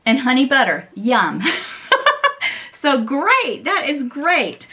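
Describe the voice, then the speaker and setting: A woman's voice: high voice, big pitch swings, takes it slowly, sharp tone. A woman vlogger unboxing gifts in a casual chat, gushing and sentimental, often breaking into laughter. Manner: sentimental and emotional.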